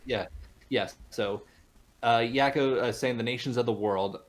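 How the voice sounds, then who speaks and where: Young male podcast guest, mid-pitched, halting and chatty, quick to laugh. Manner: rambling with many restarts, laughs easily. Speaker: podcast guest, voice actor and show creator. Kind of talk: casual podcast interview.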